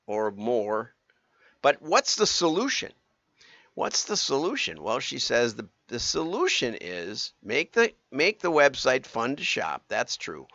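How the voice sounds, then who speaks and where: A man's voice: medium pitch, sharp tone, no room sound, muffled recording. A man hosting a livestream, talking in a rambling, self-correcting way. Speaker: livestream host. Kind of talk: casual commentary.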